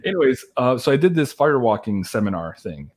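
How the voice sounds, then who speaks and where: A man telling a long personal story in a casual chat, animated, laughing and swearing now and then, with lots of "like" fillers. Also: medium pitch, fairly quick. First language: French. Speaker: guest storyteller.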